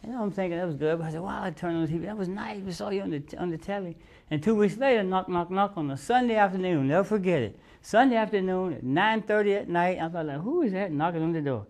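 A man with a fairly high voice spins a long tale in a studio chat. He acts out each quoted person as he goes and laughs along with his own story. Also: animated, quick pace, hardly any pauses, a little mellow. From United States. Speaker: guest musician. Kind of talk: casual storytelling.

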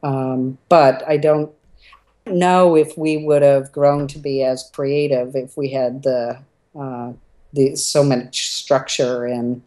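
A middle-aged woman from Southern California with a notably low voice shares stories from her life as an interview guest. She talks casually, animated, breaking into laughter between anecdotes. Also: slow pace.

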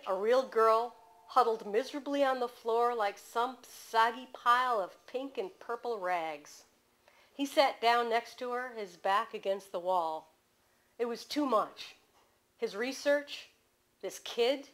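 A woman author reading aloud from her novel in a bookstore, measured and expressive. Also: fairly high pitch.

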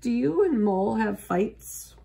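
A woman's voice: fairly high pitch, expressive, a little slow, vocal fry. A woman voicing Franklin, a bossy young boy turtle, in a storybook reading, with a raised, pushy voice. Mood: plain. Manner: loud, pushy and demanding.

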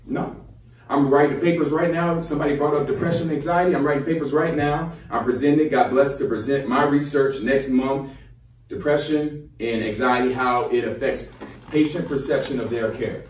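A man in his twenties from Chicago with a Chicago accent, giving a motivational, preacher-like speech to high schoolers. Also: steady tone, moderate pace. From Chicago, USA. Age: 20s. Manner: fired-up, preacher-like call and response. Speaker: medical student speaking to high schoolers. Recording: roomy echo, from far off.

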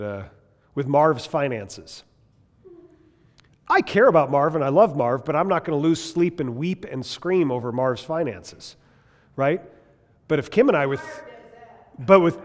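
A man with a voice on the high side teaches a Bible class emphatically, firing off many rhetorical questions and frequently restarting his sentences. A long reverb from the hall carries through the recording.

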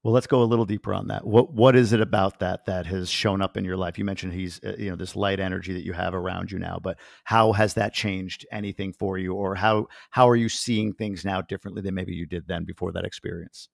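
Deep gravelly male host asking questions. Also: steady tone, fairly quick, few pauses, dry recording, studio quality. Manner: probing questions. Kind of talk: podcast interview.

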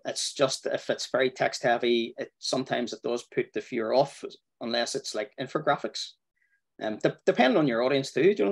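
A man walking viewers through building a website, talking in a relaxed way with fillers, over a video call. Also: mid-range voice, gravelly. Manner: relaxed, thinking aloud with fillers. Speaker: web design instructor. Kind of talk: screen-share tutorial walkthrough.

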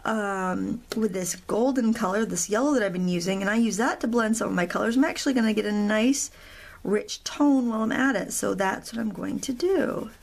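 A middle-aged woman talks through a coloring tutorial in a loose, chatty way, drifting into self-deprecating asides. Her voice has a gravelly fry at a middle pitch. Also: normal speed. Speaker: craft tutorial host. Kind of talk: real-time coloring tutorial.

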